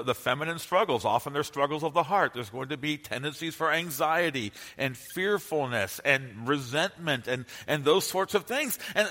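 A male pastor delivers an impassioned sermon, pressing his points with surging emphasis. His voice is bright and forceful, pitched somewhat high for a man. It rings out with the long reverb of a large church sanctuary. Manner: impassioned and emphatic, with bursts of rising intensity.

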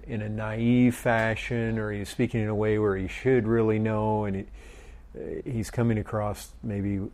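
A man's voice: on the low side, darkish tone. A middle-aged man leading a group Bible study, asking questions and often repeating his words. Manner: slow, questioning, repeats phrases.

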